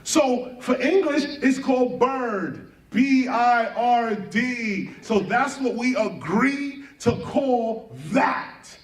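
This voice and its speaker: Animated man lecturing in a roomy space. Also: extremely high pitch, extremely slow, hardly any pauses. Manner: emphatic, rhetorical questions, spells out words letter by letter. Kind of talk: spoken lecture to an audience. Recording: roomy, distant mic, faint background ambience.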